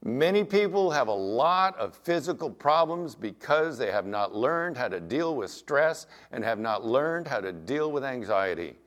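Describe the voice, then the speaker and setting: A man's voice: mid-range voice, big pitch swings, measured pace, hardly any pauses, fairly bright tone. A middle-aged man preaching a sermon as pastor, earnest and emphatic, weaving in personal anecdotes.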